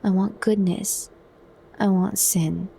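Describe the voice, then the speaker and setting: A defiant young outsider, intense yet hushed, as a woman reads him. His lines come slow and mellow in a whispered role-play. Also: high-pitched, flat delivery, vocal fry, a little hiss or hum, exaggerated voice.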